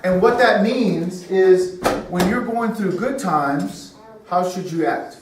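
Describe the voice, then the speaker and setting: A man's voice: high-pitched, slow, music in the background. A middle-aged man teaching a children's sermon to a room of kids, checking in with "okay?" and "right?" as he goes. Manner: keeps asking the kids questions, tags lines with "okay?" and "right?". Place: church room full of children. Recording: echoey room, mic far off.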